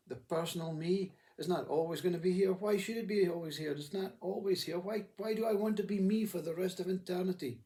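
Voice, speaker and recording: A man's voice: high-pitched, brisk, warm tone, distant mic. A man giving a reflective spiritual talk who acts out inner voices as he speaks. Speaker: spiritual teacher.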